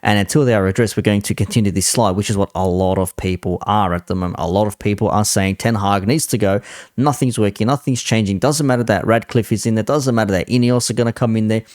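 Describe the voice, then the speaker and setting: A man's voice: fairly low pitch, fast talker, a little mellow, no room sound, clean studio sound. A man hosting a reaction commentary, talking in an exasperated, casually swearing way. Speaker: commentary channel host.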